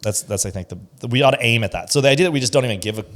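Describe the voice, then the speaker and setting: A man's voice: medium pitch, racing. A man who is a pastor, co-hosting a podcast and giving his views in an emphatic, opinionated way. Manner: opinionated, emphatic, acts out quoted voices. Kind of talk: casual podcast discussion.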